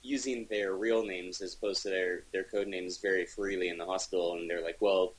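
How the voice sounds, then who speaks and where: Guy with a husky lowish voice, gushing and rambling on a casual podcast. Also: fairly even intonation, fairly quick, poor audio. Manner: enthusiastic, rambling with frequent restarts. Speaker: podcast co-host reviewing comics. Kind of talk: casual chat.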